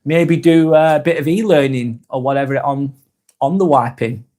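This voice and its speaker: A man's voice: fairly high pitch, normal speed, dark tone. A man in his forties with a Northern English accent, hosting a live stream and reading out chat comments, joking and rambling with frequent restarts. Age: 40s.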